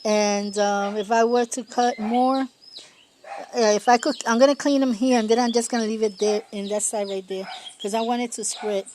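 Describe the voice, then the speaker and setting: A woman talking her way through a casual garden vlog outdoors, chatty and rambling, laughing often and pausing to search for words. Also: on the high side, darkish tone, slight background noise. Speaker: home gardener.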